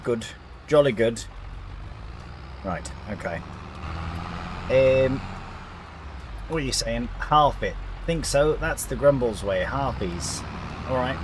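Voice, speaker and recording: In a noisy setting, a young man with a mid-range voice keeps up casual live-stream chatter while gaming. He's rambling and chatty, chuckles often, and refers to his viewers as mate.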